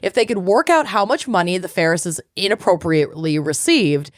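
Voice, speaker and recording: A woman's voice: fairly low pitch, lively intonation, moderate pace, dry recording, studio quality. A woman co-hosting a podcast, casually retelling a true crime case and reading out court quotes, with some swearing. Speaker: podcast co-host.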